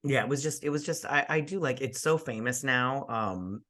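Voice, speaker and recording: A man in the middle of a loose, boozy movie-review chat, talking at a mid pitch. He rambles and trips over his own words, then jumps into acted-out bits from the film. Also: moderate pace, pushed and bright. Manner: rambling, repeats words, acts out scenes. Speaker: co-host of a movie review show. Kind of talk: casual chat while drinking.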